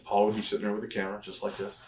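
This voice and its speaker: Rapid-fire and monotone, a man with a fairly low, slightly mellow voice recounts old conversations in a rambling, filler-packed way as a wrestler guest on a storytelling interview. The mic is distant in an echoey room, with slight background noise.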